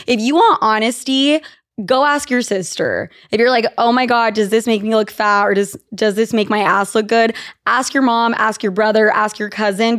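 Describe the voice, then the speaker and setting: A young woman from Utah hosting a podcast, telling candid, profane stories in casual chat. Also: medium pitch. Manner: candid, profane, animated storytelling. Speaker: podcast host.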